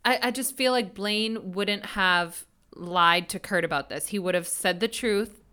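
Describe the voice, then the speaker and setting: A woman's voice: medium pitch, measured pace, pushed and bright, clean tone. A woman co-hosting a podcast in casual chat, emphatic, swearing often and saying "like.". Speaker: podcast co-host.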